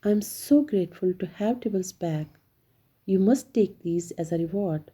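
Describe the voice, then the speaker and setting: A woman's voice: medium pitch, measured pace, mellow, husky. A woman voicing a kindly, grateful old woman neighbor in a storybook read-aloud, speaking politely with a slightly raised voice. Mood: pleading, grateful.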